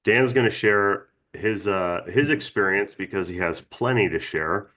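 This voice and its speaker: A man co-hosting a casual podcast, talking with a slight impediment from a dental retainer, relaxed and full of fillers. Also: fairly low pitch, measured pace. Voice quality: slight retainer-affected speech. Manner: relaxed, filler-heavy, easygoing. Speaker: podcast co-host.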